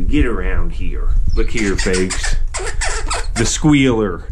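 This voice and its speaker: A man's voice: fairly low pitch, slow, long pauses, noisy background. A man with an Ohio accent, chatting casually to his pet squirrel and viewers while digging for antique bottles at an old dump. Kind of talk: casual vlog narration. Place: outdoors at an old dump site.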